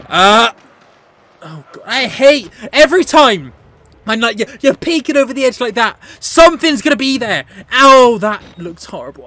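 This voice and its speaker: A woman's voice: sits high, moderate pace. A woman hosting a horror game let's play, jumpy and joking, swearing freely and talking back to the characters on screen. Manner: animated and joking, laughs often. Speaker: gaming channel host.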